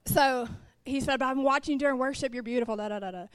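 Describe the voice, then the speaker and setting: A middle-aged woman, a pastor's wife, preaches from the pulpit in a high, smooth voice at a very fast clip. She shares a personal story, acts out the dialogue, and addresses the congregation directly. There's no room sound.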